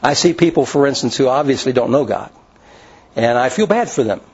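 Male preacher, husky voice, folksy and plain-spoken, conversational sermon; muffled lo-fi audio. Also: mid-range voice, fairly quick, darkish tone. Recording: dull lo-fi recording.

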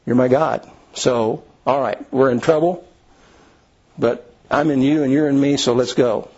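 A man's voice: medium pitch, steady tone, measured pace, darkish tone, husky, dull audio. A man preaching a conversational sermon in an earnest, folksy way, with frequent restarts and asides to the congregation. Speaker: pastor.

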